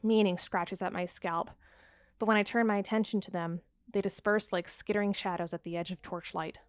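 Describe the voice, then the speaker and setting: A woman hosting a let's play, reading a text game aloud in a calm, measured way and breaking off to chat hesitantly about it. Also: mid-range voice, clear, resonant tone, no room sound, studio quality. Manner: calm, measured narration, with hesitant, searching commentary.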